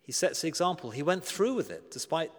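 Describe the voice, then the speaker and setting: A man preaching a sermon, earnest and emphatic, slowing down to stress key words and asking rhetorical questions with dry humor. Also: a little high, sing-song. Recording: long reverb of a large hall.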